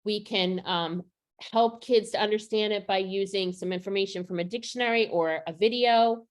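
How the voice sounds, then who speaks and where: A woman's voice: mid-range voice, moderate pace. Woman teaching teachers on a video call. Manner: explaining step by step, asks questions. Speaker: literacy trainer. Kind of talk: online teacher training.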